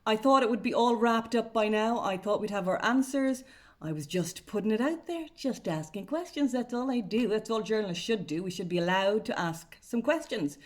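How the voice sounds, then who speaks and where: A woman's voice: medium pitch, expressive, moderate pace. A woman with an Irish accent, a journalist giving a wry, sarcastic, chatty update straight to camera. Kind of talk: casual vlog commentary.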